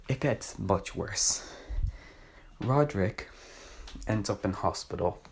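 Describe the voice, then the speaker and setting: A man's voice: low voice, a little mellow, slight background noise. A young man casually reviewing a book, rambling and sarcastic, often correcting himself mid-sentence.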